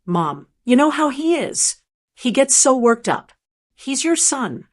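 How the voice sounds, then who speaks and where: A woman's voice: high-pitched, sing-song, slow, voice pushed up, exaggerated voice. A woman narrator voicing an anxious adult daughter who pleads with her mother to keep the peace, her tone tight and desperate. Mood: pleading.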